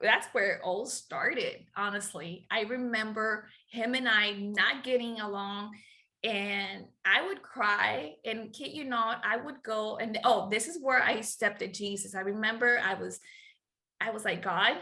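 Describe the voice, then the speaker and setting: A woman's voice: medium pitch, unhurried, pushed and bright. A middle-aged woman from Nicaragua, a guest entrepreneur, telling her personal story in an interview, laughing often and acting out dialogue.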